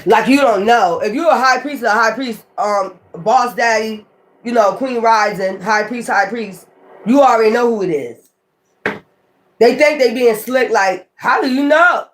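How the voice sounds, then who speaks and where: Slightly slow and high-voiced, this tarot reader speaks off the cuff on his own channel, with a little background noise behind him. His rant is profane and confrontational; he keeps repeating taunts and brushes off critics by calling them weirdos.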